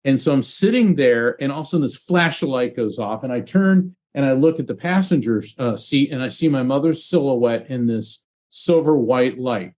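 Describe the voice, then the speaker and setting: A man in an interview talks earnestly, recounting a personal story with animated energy. His voice sits at an ordinary pitch and he often restarts his phrases as he goes. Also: moderate pace, few pauses. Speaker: psychic medium guest, former trial lawyer.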